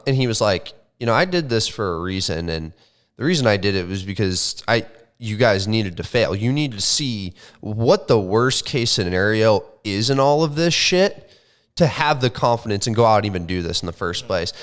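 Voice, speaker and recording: Young man, lowish voice, loose swearing podcast storyteller, animated. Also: normal speed, clean tone. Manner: animated, swears often, says like and bro. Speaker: podcast co-host. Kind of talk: casual storytelling chat.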